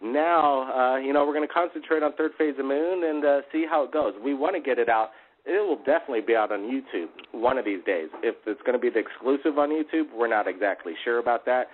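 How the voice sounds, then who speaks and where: A man's voice: mid-range voice, a little fast. A man hosting a live call-in radio show, upbeat and chatty, with plenty of fillers. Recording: phone-like narrow audio.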